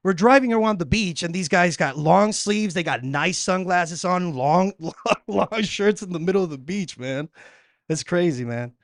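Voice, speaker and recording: A man in his thirties doing a laid-back, chatty stand-up set. He talks to the room like he is with friends. His voice sits a little high, and the sound is dry and close. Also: expressive, moderate pace, no room sound. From Puerto Rico. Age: 30s. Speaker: stand-up comedian. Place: comedy club stage.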